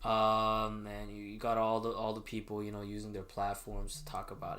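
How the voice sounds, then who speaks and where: Bright, rambling podcast co-host man. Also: lowish voice, brisk, hardly any pauses. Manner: energetic, rambling, trails off softly. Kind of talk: casual chat.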